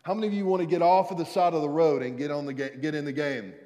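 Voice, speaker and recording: A man preaching a sermon as a pastor in a church, energetic and calling out to the congregation, with jokey asides. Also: fairly high pitch, fast. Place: church sanctuary. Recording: long church hall reverb.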